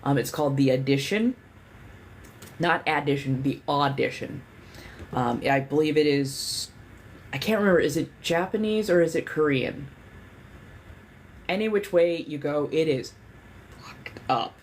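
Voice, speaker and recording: A woman's voice: low voice, lively intonation, measured pace, long pauses, slight background noise. A woman hosting a livestream in casual chat. She rambles candidly, swears freely and leans on lots of fillers. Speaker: livestream host.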